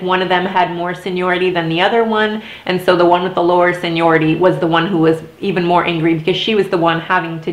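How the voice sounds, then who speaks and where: A young adult woman telling a candid, emotional story in a casual storytime vlog, with lots of "like". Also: fairly low pitch. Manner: candid, emotional, heavy use of "like". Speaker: vlogger. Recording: roomy echo.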